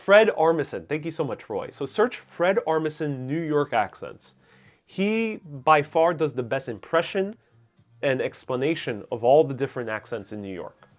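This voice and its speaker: A man's voice: fairly high pitch, big pitch swings, moderate pace. Young guy doing a live q&a outside, reads chat and answers, lapel mic. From United States. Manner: chatty, reads viewer comments aloud and answers them. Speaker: host. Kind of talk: live-stream Q&A. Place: out on city streets during a live stream. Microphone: wireless lapel mic.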